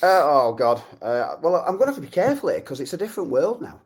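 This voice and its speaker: A man, a guest on a podcast chatting about his football youth in a rambling, halting way. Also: on the high side, sing-song, breathy edge. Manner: rambling, halting storyteller with many restarts. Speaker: guest, former youth player and musician. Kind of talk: casual chat.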